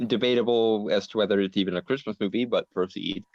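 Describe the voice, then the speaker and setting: A man's voice: lowish voice, quick pace, vocal fry, darkish tone, no room sound. A man co-hosting a podcast in casual chat, stumbling over restarts and joking around. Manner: stammering restarts, playful mock villain laugh. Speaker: podcast co-host. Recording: dry, dull lo-fi audio.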